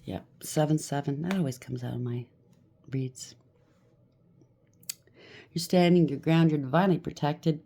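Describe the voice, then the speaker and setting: A woman with a low, mellow voice doing a tarot card reading. She speaks bluntly and scolds freely, with faint noise in the background. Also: unhurried, vocal fry, long pauses. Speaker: tarot reader.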